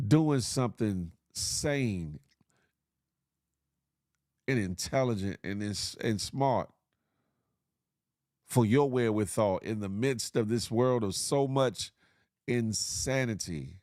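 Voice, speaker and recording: A man's voice: lowish voice, animated, slow, long pauses, darkish tone, no room sound, studio quality. Preachy man ranting on a morning show. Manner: preachy, repetitive, motivational ranting with slang and laughs. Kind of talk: casual livestream monologue.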